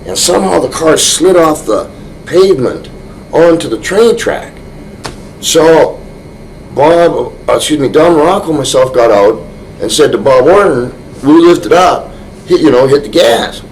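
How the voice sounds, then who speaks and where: A man as an interview guest, telling a rambling anecdote full of restarts, often chuckling and getting animated. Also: fairly high pitch, slight background noise, rough recording.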